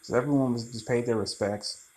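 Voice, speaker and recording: A man rambling through a casual, animated movie review, swearing freely. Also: mid-range voice, brisk, rough recording.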